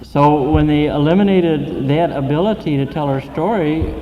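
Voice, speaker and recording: A man introducing a guest speaker at a recovery meeting, earnest and halting, with many fillers. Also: fairly high pitch, dull audio, a little hiss or hum.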